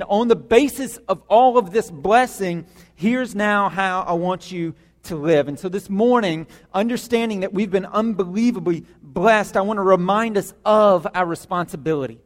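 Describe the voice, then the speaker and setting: A man preaching a sermon as pastor, emphatic, repeating words for stress, in a church sanctuary. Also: sits high. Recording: long hall reverb.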